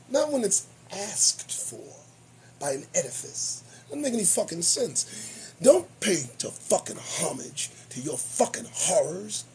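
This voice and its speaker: A man's voice: high-pitched, a little hiss or hum. A man hosting his own show, giving profane, sarcastic commentary on the news. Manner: animated, swearing, sarcastic. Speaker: show host.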